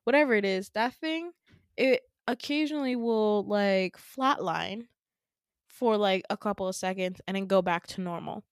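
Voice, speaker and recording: A young woman hosts a podcast and retells her dream in casual storytelling. She talks in a chatty, filler-heavy way with laughing asides. Her voice sits at a middling pitch and sounds dry and close to the mic. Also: normal speed, clean tone, no room sound. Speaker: podcast host.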